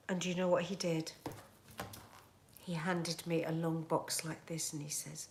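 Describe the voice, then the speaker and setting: A middle-aged woman with a British accent, hosting a casual livestream chat and telling stories in an animated, chatty way. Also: low-pitched, moderate pace, long pauses, slight background noise. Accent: British English. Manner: animated, chatty storytelling with laughs and asides. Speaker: livestream host reading viewer comments.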